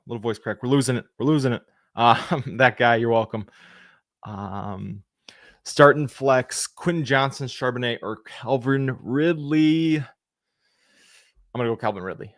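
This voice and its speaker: A young man hosting a casual live Q&A, reading viewer questions aloud, answering them quickly and thanking people by name. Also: mid-range voice, dry recording, clean studio sound. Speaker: fantasy football livestream host.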